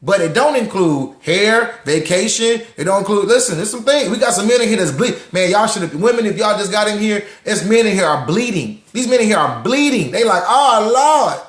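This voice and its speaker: A young man hosts a live social audio room on personal finance, speaking a little fast with hardly any pauses in a fairly high voice. Animated and preachy, he repeats lines for emphasis and greets listeners by name in lively casual talk, with an echoey room around him.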